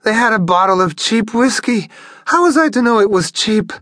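A male narrator voicing a drunken young woman who cries out in a high, piercing voice and pleads, repeating herself. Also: expressive, normal speed, a bit bright, no room sound, clean studio sound. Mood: drunk, pleading. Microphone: studio microphone, close and dry.

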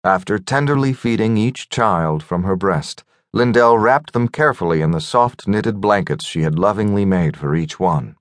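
A man narrating a fantasy audiobook in a measured, gentle storytelling manner. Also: on the low side, expressive, dry recording. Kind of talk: scripted narration.

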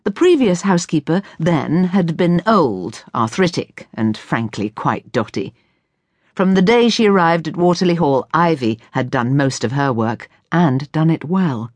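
A woman narrating an audiobook in clear, expressive storytelling. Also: low-pitched, a little slow, no room sound. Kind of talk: scripted narration. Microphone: close studio mic.

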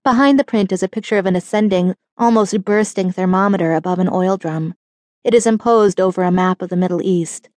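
A woman narrating a short story audiobook in an even, descriptive storytelling manner. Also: medium pitch, brisk, dry recording. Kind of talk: scripted narration.

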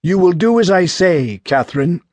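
A man voicing a sick, bedridden old father who speaks weakly and slowly. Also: high voice, animated, darkish tone, dry recording, voice pushed up. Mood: stern. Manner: weak, slow and breathy.

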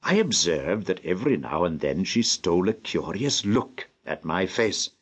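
An older man with a very deep voice reads a classic novel at a slow, deliberate pace. His phrasing rises and falls in lively curves. The recording has a slightly dull, muffled sound. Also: breathy edge. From England. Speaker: audiobook narrator. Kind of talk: measured classic novel narration.

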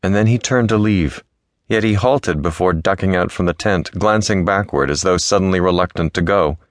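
Man, very low voice, historical romance audiobook, smooth storytelling, dry close recording. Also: normal speed, dry recording. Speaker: audiobook narrator. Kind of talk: scripted romance narration.

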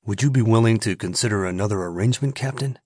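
A man voicing a quiet, dangerous gunfighter. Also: lowish voice, fast, slightly rough, no room sound, clean studio sound. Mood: cool menacing. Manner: quiet, clipped, controlled menace. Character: calm, dangerous male gunfighter.

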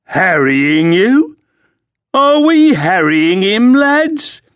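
A man's voice: sits high, very animated, drawn-out words, fairly bright tone, voice pushed up, heavily acted. A man voicing a young male night watchman who taunts and mocks a stranger in an audiobook. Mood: taunting.

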